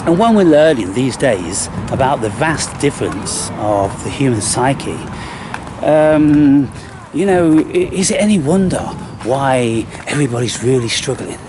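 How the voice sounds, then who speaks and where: A man's voice: medium pitch, very animated, a little slow, background noise. A man talking in an unscripted vlog, standing outdoors in a graveyard, rambling and swearing often, with frequent restarts. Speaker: spiritual vlogger.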